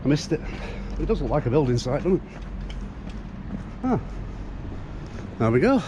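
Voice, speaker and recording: A man's voice: on the high side, big pitch swings, normal speed. Vlogger: British man, upbeat and chatty, filming on the street with city noise around. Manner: chatty, self-mocking asides. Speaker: travel vlogger. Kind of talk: casual walking vlog.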